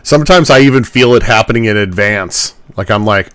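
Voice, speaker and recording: A man's voice: on the low side, fairly quick, few pauses, fairly bright tone, no room sound. A young man and podcast host chatting casually on a livestream while editing his own show, self-mocking and rambling, with some swearing.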